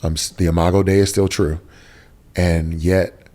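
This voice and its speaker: Earnest low-voiced man. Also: flat delivery, moderate pace, mellow. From Texas, USA. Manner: earnest, emotional, casual slang like "bro". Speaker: interview guest. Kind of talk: candid personal testimony in a sit-down interview.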